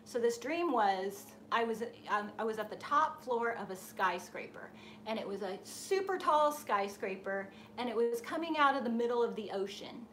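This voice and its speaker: A woman with a slightly high voice tells a story live to her creative group. She talks casually and acts out the voices in her anecdotes. A faint hiss runs under the stream. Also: expressive, moderate pace. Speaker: host of a painting and design group. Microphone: live stream setup.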